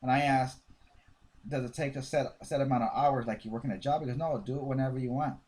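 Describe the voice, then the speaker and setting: A man giving casual sales coaching in an animated way, acting out pitch dialogues with prospects. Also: fast. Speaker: network marketing coach.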